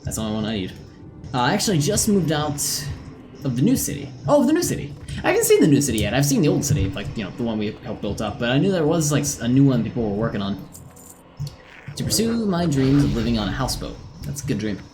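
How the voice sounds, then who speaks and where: Lively, chatty live game streamer. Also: mid-range voice, fast, music in the background. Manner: chatty, talks to teammates and chat while playing. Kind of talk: live gameplay commentary, chatting with viewers.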